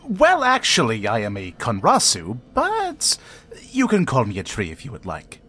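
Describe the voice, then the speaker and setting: A man voicing a gentle, towering tree-person who speaks formally and politely. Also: medium pitch, huge pitch swings, moderate pace, heavily acted.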